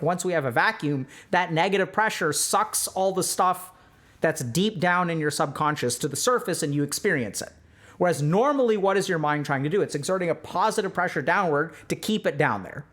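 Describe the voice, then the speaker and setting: A man giving an animated, conversational livestream lecture on meditation. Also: a little high. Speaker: streamer giving a talk.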